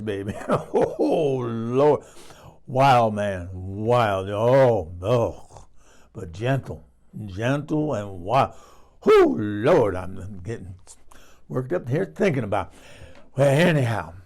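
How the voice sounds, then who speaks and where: A man's voice: mid-range voice, a little mellow, natural voice. A man playing a bawdy older Southern woman who tells a comic story with swooning exclamations and asides. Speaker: comedic character storyteller. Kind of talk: comic monologue in character.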